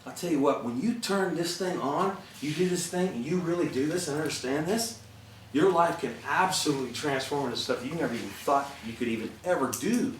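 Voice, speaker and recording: A man's voice: a little high, fairly quick, recorded from a distance, a little hiss or hum. A middle-aged man giving an earnest, conversational motivational talk to an audience, laughing often. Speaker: motivational speaker. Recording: echoey room, speaker away from the mic.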